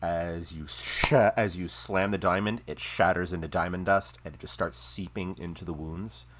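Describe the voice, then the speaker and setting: A man narrating a tabletop game as game master, in slow, measured description. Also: low-pitched, steady tone, noisy background.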